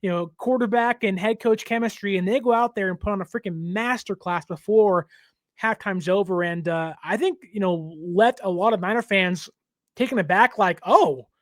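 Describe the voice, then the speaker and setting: A man hosting a team show, giving a casual, jokey, animated breakdown of a football game. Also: high-pitched, moderate pace, no room sound, clean studio sound. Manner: animated, jokey, lots of fillers. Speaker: team podcast host.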